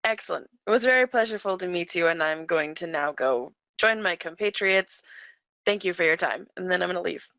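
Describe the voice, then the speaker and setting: A woman playing a tabletop game, asking brisk, direct questions in character and out. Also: on the low side, animated, sharp tone, dry recording. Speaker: player. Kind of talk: tabletop role-play.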